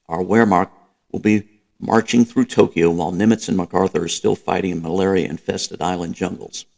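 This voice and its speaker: A man voicing a grandiose middle-aged dictator, speaking in a slow, emphatic rant. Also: sits low, creaky, darkish tone, breathy edge, full character voice.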